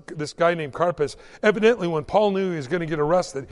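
Male pastor, animated sermon, echoey hall. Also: on the high side, fairly quick. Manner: animated storytelling preaching.

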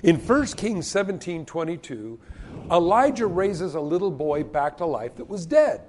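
A man's voice: fairly high pitch, normal speed. A man preaching a sermon as pastor, telling the stories with energy and acting out the voices of the people in them. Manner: animated storytelling, acting out quoted voices.

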